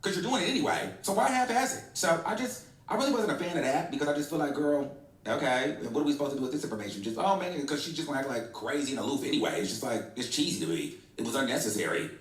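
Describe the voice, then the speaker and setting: Woman ranting fast about a show, echoey room, mic kinda far. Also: sits low. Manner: animated, emphatic, calls people girl. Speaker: reaction video host. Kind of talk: opinionated casual commentary.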